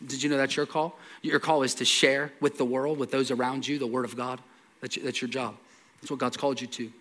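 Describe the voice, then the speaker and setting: A man preaching a sermon, telling a scripture story with lively acted-out dialogue, repeating words and dropping into soft asides. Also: medium pitch, fairly quick. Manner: animated storytelling, acts out dialogue. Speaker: pastor.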